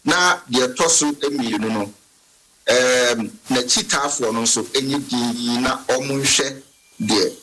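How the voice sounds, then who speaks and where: A Ghanaian man gives earnest radio commentary, pleading and persuasive. His voice is bright and forceful with a husky edge. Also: medium pitch, slow pace, low-quality recording. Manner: earnest, pleading, switches between English and Twi. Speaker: political marketer on a radio panel.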